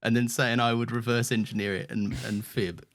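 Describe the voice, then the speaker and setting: A man's voice: medium pitch, normal speed. A man co-hosting a podcast, chatting playfully and laughing often. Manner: giggly, playful, animated. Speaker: podcast co-host. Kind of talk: casual chat.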